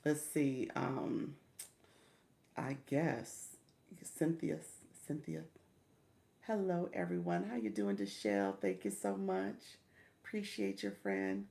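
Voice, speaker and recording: A woman's voice: a bass voice, big pitch swings, takes it slowly, mellow. A middle-aged woman hosting a casual livestream, coaching viewers, chatting and greeting them by name, often stumbling over how to say their names. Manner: encouraging, coaching tone with repeated "okay?".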